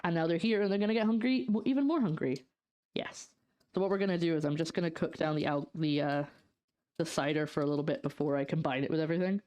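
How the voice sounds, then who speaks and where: A young woman with a Scottish accent chats her way through a home cooking livestream. Her voice sits slightly low, and she drifts between topics, answering viewers as she goes, trailing off with ums and half-finished thoughts. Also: fast, a little mellow. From Scotland. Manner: chatty, reads out and answers chat, trails off in fillers. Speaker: streamer. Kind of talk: casual cooking livestream chat. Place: home kitchen.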